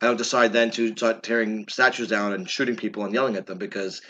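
A man's voice: fairly low pitch, steady tone, fast talker, pushed and bright, lo-fi sound. A man co-hosting a casual chat, opinionated and profane, ranting about the news.

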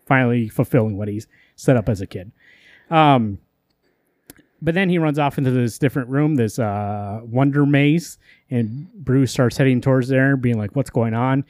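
Recorded dry at studio quality, this medium-pitched male podcast co-host rambles through a funny story in relaxed conversation. He curses casually and slips in quick impressions of the characters as he goes.

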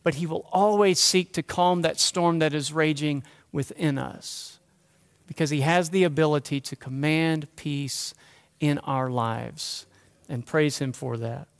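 A man's voice: a little high, steady tone, measured pace, gravelly. A man preaching a sermon as pastor, earnest and conversational, asking the listeners rhetorical questions. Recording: long hall reverb.

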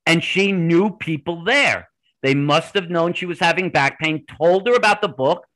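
High-voiced guy on a podcast telling stories, really animated, bright edgy tone. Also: moderate pace, rough recording. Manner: animated, tells stories in bursts, many restarts. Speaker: podcast guest. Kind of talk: conversational interview storytelling.

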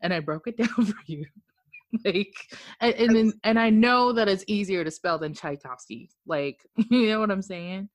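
A woman's voice: mid-range voice, moderate pace. A woman co-hosting a casual podcast chat, telling stories loosely and swearing freely. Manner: storytelling, swears casually, laughs often. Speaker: podcast co-host.

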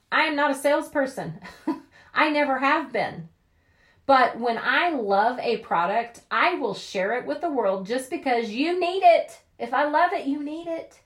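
Upbeat woman, slightly high voice. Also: a bit bright. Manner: chatty, upbeat, acts out quoted voices. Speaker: network marketing leader. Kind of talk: motivational talk to camera.

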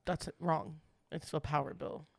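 A man co-hosting a podcast in casual chat, chatty and quick to laugh, with lots of fillers. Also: on the high side, fairly even intonation, gravelly, no echo. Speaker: podcast co-host.

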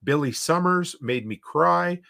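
Rambling Eastern Canadian podcast host. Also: male voice, on the high side, lively intonation, unhurried, vocal fry, bright, forceful tone. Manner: rambling, reads viewer comments aloud and reacts. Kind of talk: casual livestream chat.

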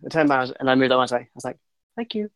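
A man's voice: mid-range voice, little pitch movement, racing, fairly bright tone, smooth, dry recording, rough recording. Hesitant man chatting. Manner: hesitant, many fillers and restarts. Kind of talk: casual chat.

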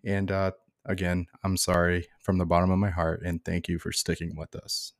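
Low-voiced laid-back man hosting. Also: flat delivery, moderate pace. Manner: laid-back, says dude a lot, many fillers. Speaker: podcast host. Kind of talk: casual podcast chat.

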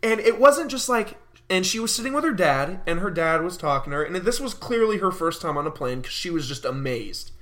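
A man's voice: fairly high pitch, very animated, fairly quick, bright, forceful tone. A young man in his early twenties hosting a podcast, ranting animatedly in a casual monologue and laughing often. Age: early 20s. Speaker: podcast host.

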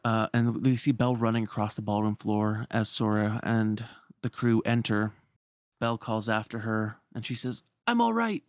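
Low-voiced man retelling a game story. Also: no room sound, studio quality. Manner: rambling with fillers, acts out the dialogue.

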